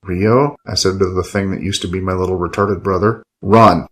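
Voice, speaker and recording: A man with a fairly low voice reads a gritty first-person story aloud. His telling is hard-boiled and wry, with plenty of swearing. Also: level tone, fast talker, low-quality recording. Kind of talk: first-person scripted narration.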